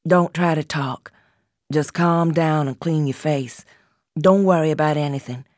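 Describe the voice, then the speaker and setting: A woman voicing a teenage boy who speaks with calm, firm authority. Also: sits low, a little slow, no room sound, studio quality. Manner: steady and authoritative. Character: calm, commanding teenage older brother.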